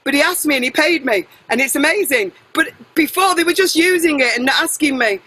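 A middle-aged woman singer being interviewed, chatty and animated, jumping between tangents and correcting herself. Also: sits high, a little fast, low-quality recording. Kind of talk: casual interview chat.

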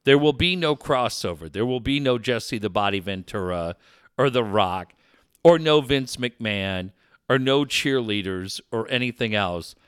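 A middle-aged man hosting a sports talk radio show, telling a rambling, animated story with many restarts. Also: mid-range voice, measured pace, smooth, no room sound, studio quality. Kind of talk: casual talk radio chat.

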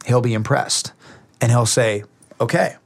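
A young adult man, a musician, telling a long story in casual talk, halting and restarting often. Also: medium pitch, creaky, a little hiss or hum. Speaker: musician guest.

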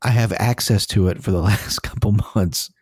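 A man's voice: fairly low pitch, normal speed, a little mellow, slightly rough, no room sound, clean studio sound. A man co-hosting a casual podcast, rambling and hesitant with many fillers. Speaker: podcast co-host. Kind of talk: casual chat.

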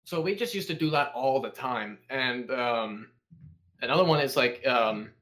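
A man's voice: medium pitch, measured pace. A young man tells stories as a podcast guest in a casual, profane ramble. He leans on sarcasm and jumps into mock voices of coworkers as he talks. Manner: sarcastic, swears constantly, animated impressions.

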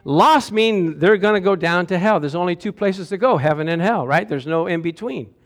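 A man with a high voice preaching a lively sermon in a church. He keeps calling out to the congregation for answers as he goes. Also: normal speed. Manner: animated, calls out to the congregation for responses.

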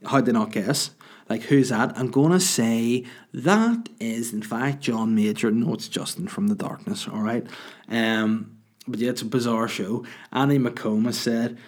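A man's voice: medium pitch, unhurried. A man hosting a podcast, rambling and joking as he answers listener questions. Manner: rambling, jokey, sweary. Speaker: podcast host.

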